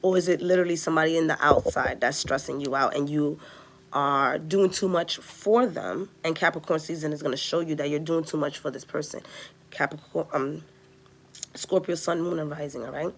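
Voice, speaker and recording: A woman's voice: low voice, moderate pace. A woman giving a casual tarot reading, chatty and direct, talking straight to her viewers. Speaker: tarot reader.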